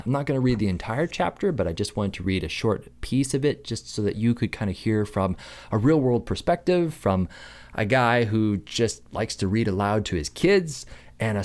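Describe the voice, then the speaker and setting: A man's voice: mid-range voice, darkish tone. A man in his thirties giving an enthusiastic, chatty book review as a parent who reads aloud to his kids. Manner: enthusiastic, chatty, some restarts.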